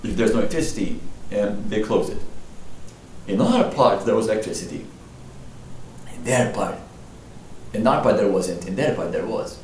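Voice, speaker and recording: A man's voice: fairly low pitch, animated, moderate pace, pauses often, darkish tone. A young man who hosts a podcast, chatting casually, rambling and joking with frequent laughs. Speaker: podcast host. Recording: roomy echo, distant mic, faint noise.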